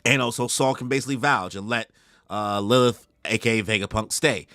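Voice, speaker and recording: A man hosting a live manga reaction who talks in a casual, slangy, excitable way. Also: on the low side, fairly quick, no echo. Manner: slangy, excitable, goes off on tangents.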